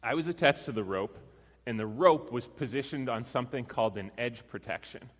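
A man preaching a sermon, telling a personal story in a relaxed, self-deprecating way before turning to scripture. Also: mid-range voice, brisk. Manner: conversational, self-deprecating, with laughs. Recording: long reverb of a large hall.

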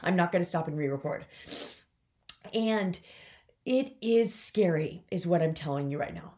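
On her solo podcast, a forty-something business coach speaks openly about personal matters, struggling not to cry. Her low voice is animated and a little mellow, at a moderate pace.

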